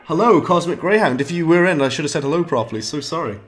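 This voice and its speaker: A man's voice: a little high, soft background music. Chatty British man streaming a game. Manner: chatty, self-mocking, quick bursts of frustration. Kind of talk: live gameplay commentary.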